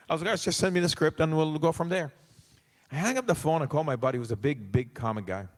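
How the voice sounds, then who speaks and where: A man telling lively stories as a guest on a convention panel, acting out the voices of the people he quotes and swearing casually. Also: a little high, fast. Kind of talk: animated storytelling. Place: convention hall stage. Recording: long hall reverb.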